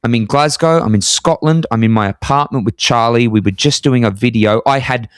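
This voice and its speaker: Man telling an animated story. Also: fairly quick, clean tone, dry recording, studio quality. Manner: animated, jumps high in pitch for emphasis. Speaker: podcast co-host. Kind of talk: casual storytelling chat. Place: apartment in Scotland.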